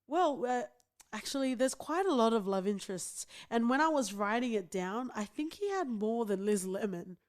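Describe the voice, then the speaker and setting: A woman's voice: a little high, expressive, a little slow. Giggly, chatty woman podcast host. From outside the United States. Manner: chatty, many fillers and giggles. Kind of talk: casual chat.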